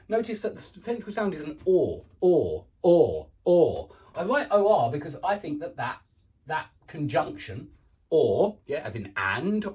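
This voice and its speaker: An English man teaches pronunciation in a loose, chatty way, his pitch swinging widely as he drags out example words. He sits a little back from the mic, so the voice sounds slightly distant. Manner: chatty, thinks aloud, repeats sample words slowly. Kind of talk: casual online pronunciation lesson.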